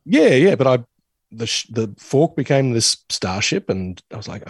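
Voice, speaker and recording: Gravelly, husky man. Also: mid-range voice, expressive, a little fast, darkish tone, dry recording. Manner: rambling, self-deprecating storyteller. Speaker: podcast co-host. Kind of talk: casual chat.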